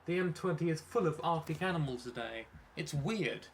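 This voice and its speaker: A man's voice: on the high side, measured pace, fairly bright tone, a little hiss or hum. A man voicing an apologetic male truck driver who talks in a posh upper-class way. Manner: posh upper-class speech, over-polite.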